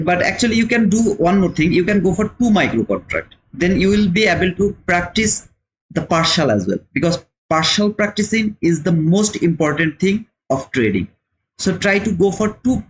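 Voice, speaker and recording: A man's voice: sits high, very animated, normal speed, a little hiss or hum, low-quality recording. A man hosting a live trading stream, chatting casually and answering viewers' comments, with frequent repeated words. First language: not English. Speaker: trading livestream host.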